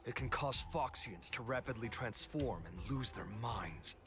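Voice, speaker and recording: An actor playing a battered, loyal soldier in a video game, reporting gravely and earnestly. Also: male voice, animated, a little slow, natural voice. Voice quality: gravelly, low. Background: game music.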